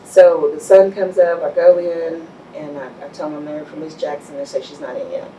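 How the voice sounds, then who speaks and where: Low-voiced woman telling her story. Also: fairly quick, a little hiss or hum. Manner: animated storyteller, laughs often, acts out quotes. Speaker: business owner guest. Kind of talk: storytelling interview. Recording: echoey room, mic far off.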